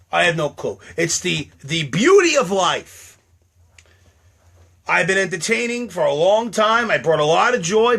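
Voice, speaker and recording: A man's voice: on the high side, vocal fry, fairly bright tone. A man, a comedian, in a comic rant to camera, mock-indignant and exaggerated, repeating phrases over and over.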